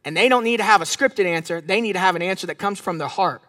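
Middle-aged male pastor, very high and bright voice, chatty emphatic sermon with audience questions. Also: fast, dry recording, studio quality.

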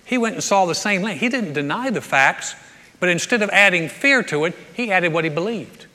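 A man preaching a sermon as a pastor, telling the story in a lively way with repeated words and joking asides. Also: sits high, normal speed. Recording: echoey hall reverb.

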